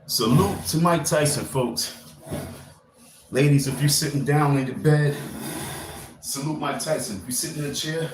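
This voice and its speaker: A man's voice: a little high, normal speed, pauses often. Rambling man streaming live in an echoey room. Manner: rambling, pep-talk delivery with loose slang. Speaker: livestreamer. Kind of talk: casual motivational live stream. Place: indoor room. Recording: echoey room with faint ambient noise.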